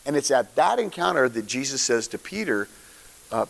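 A man preaching a sermon in a casual, animated storytelling way, using slang and acting out the characters. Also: mid-range voice, moderate pace, gravelly, in a large hall. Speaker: pastor.

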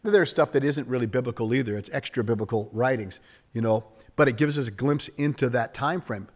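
A man in his sixties preaching a sermon in an animated, conversational way, acting out quoted voices and joking with the congregation. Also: mid-range voice, a little fast, big-room sound. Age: 60s. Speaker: pastor.

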